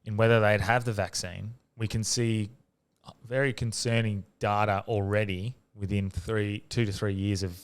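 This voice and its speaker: A low-voiced Australian man hosts a podcast. He talks casually and haltingly, stopping to restart his sentences and filling the gaps with ums and uhs. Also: little pitch movement, clean tone. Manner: halting, full of fillers and restarts, laughs often. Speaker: podcast host. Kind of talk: casual chat.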